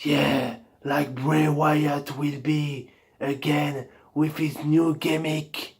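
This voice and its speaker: A French-accented man, French by birth, talks at a remarkably unhurried crawl in a slightly raised voice. He hosts a playful parody talk-show intro for his wrestling review channel, drawing out each phrase in a mock-sweet way before breaking into comic outbursts. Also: a little high, level tone, husky. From France.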